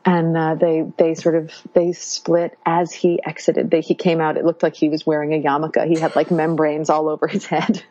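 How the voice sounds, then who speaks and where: A woman guest telling her own story in a casual, halting way, with many fillers and restarts. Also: low-pitched, monotone, dark tone, dull audio.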